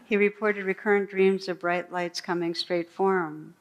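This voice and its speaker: A woman meditation teacher giving a dharma talk, reading a true story aloud in a slow, gentle storytelling voice with soft pauses. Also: medium pitch, flat delivery, lo-fi sound. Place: meditation hall.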